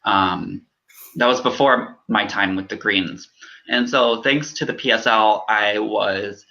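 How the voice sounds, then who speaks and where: An earnest young man speaks in a bright, slightly low voice, pausing often with halting ums as he answers interview questions. The audio sounds muffled and lo-fi, like a call recording. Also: fairly even intonation, creaky. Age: young adult. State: choked up. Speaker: political candidate.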